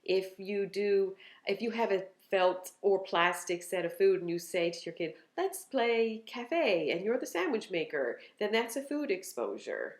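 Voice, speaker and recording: A woman's voice: lowish voice, big pitch swings, normal speed, hardly any pauses. A woman co-host giving upbeat, practical tips to parents in a casual chat. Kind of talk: informal parenting talk. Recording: echoey room.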